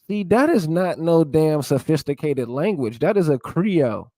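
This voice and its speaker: A man's voice: fairly high pitch, lively intonation, normal speed, hardly any pauses, warm tone, no echo. A man giving casual, blunt commentary while reading a text aloud, with an opinionated tone and the odd swear word. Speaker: vlogger.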